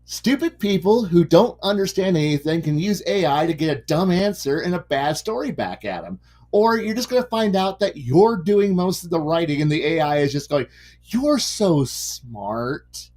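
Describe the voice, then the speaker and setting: Brief: casual male hobbyist, profane rant, restarts lines, very animated pitch. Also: normal speed. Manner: ranting, profane, restarts sentences. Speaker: hobby miniature painter hosting a stream. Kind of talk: casual chat while painting.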